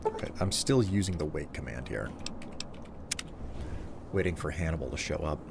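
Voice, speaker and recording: Lively, joking young male streamer. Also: a bass voice, normal speed, gravelly, background noise. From Upper Midwest of the US. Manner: joking, chatty, reads chat aloud. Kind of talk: casual live-stream chat.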